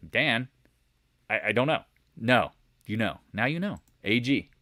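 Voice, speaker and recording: A man hosting a live market chat, walking viewers through charts with animated asides and rhetorical questions to the chat. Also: medium pitch, unhurried, no echo. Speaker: market commentary host. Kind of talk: live stock chart commentary.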